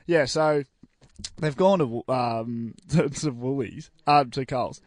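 A man's voice: mid-range voice, measured pace, dry recording, clean studio sound. A young Australian man co-hosting a community radio show, telling rambling stories with lots of ums and giggles. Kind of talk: casual banter.

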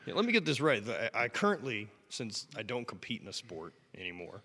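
A man's voice: lowish voice, sing-song, brisk, bright, forceful tone, breathy edge, in a large hall. A man in casual chat, telling stories with frequent laughter and swearing. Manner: profane, laughing storyteller.

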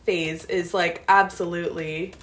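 A young woman co-hosting a podcast in casual chat, relaxed and easygoing, sometimes dropping almost to a whisper. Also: fairly low pitch, unhurried, slight background noise. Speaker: podcast co-host.

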